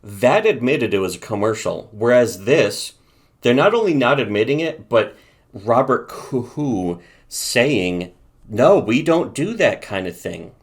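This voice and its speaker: A man's voice: medium pitch, big pitch swings, a little slow, slightly rough. A man co-hosting a casual commentary podcast, ranting profanely and reading from his notes. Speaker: podcast co-host.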